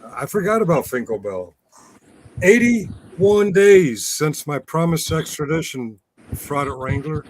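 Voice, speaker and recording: A man's voice: fairly high pitch, sing-song, measured pace, background noise. A man hosting a casual livestream chat, bantering and laughing often. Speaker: show host.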